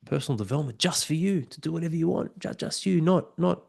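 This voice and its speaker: A man's voice: fairly high pitch, lively intonation, fast talker, creaky, darkish tone. A man, hosting a podcast interview and encouraging his guest with enthusiasm. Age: 40s. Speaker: podcast host. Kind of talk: conversational interview.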